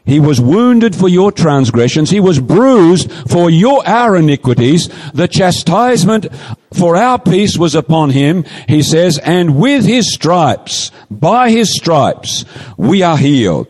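Preacher man with lively pitch, reverberant hall. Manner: emphatic, pleading, drawn-out quoting of scripture. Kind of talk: sermon.

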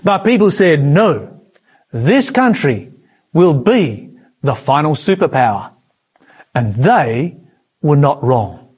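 Husky, emphatic male preacher. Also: very animated, slow, long pauses, darkish tone. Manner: emphatic, dramatic rises and drops in pitch. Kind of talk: prophecy sermon.

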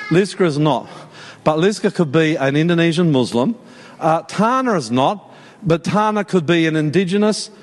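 A man preaches with a high, bright-pitched voice, joking and calling people up from the congregation. His words ring out with a long reverb through the church hall. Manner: lively, joking, calls out to the congregation. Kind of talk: sermon. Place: church worship service.

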